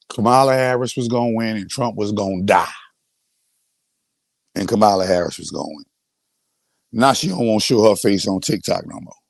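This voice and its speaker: A man's voice: on the low side, vocal fry, darkish tone, no room sound. Man, boastful livestream rant, very dry sound. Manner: boastful, repetitive, restarts often. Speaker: host.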